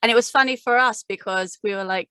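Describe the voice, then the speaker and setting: An English woman co-hosting a fitness podcast, upbeat and quick to laugh. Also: mid-range voice, clear, resonant tone, no echo. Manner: upbeat, laughs often, lively talk. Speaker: podcast co-host.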